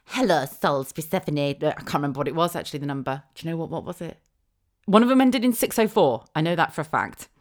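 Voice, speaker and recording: A middle-aged woman chats through her own podcast. Her voice sits low but leaps up and down with lively swings. She talks on her own, with quick asides, rhetorical questions and frequent laughs. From England (Wiltshire). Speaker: podcast host. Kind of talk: casual solo podcast monologue.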